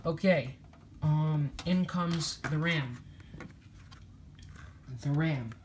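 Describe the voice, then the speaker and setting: A woman's voice: low-pitched, very slow, heavy background noise. A woman casually talking viewers through building a computer, chatty and a little slurred. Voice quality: slurred speech. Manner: chatty, addresses viewers as guys. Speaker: PC builder vlogger.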